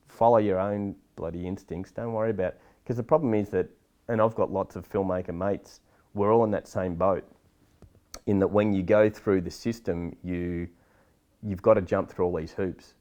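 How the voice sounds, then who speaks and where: A middle-aged man, talking bluntly and with energy in a casual interview about filmmaking. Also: sits low. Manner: blunt, animated, swears casually. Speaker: filmmaker guest.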